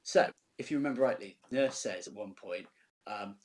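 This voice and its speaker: A male teacher talks through a lesson over slides in a slightly low voice. He explains in a relaxed, conversational way and keeps checking in with his students. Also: moderate pace.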